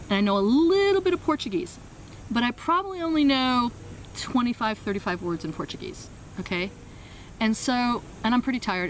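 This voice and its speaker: A woman telling a story as an interview guest, her voice swinging up and down as she acts out the people she quotes. Her pitch sits in the middle for a woman. A faint vehicle hum runs underneath. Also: poor audio. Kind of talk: animated storytelling.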